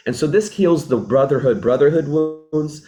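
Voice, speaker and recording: A man acting as a relationship mentor gives an earnest teaching talk, explaining things reflectively, restating and rephrasing his points, and acting out sample dialogues. His voice is fairly high and his pace moderate.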